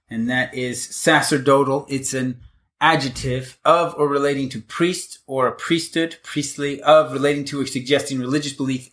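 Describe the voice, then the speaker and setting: A man's voice: mid-range voice, a bit bright. A man co-hosting a vocabulary podcast, reading example sentences and a poem aloud and reacting with interest to word histories. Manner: reads example sentences and verse in a measured way, reacts with surprise. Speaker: podcast co-host.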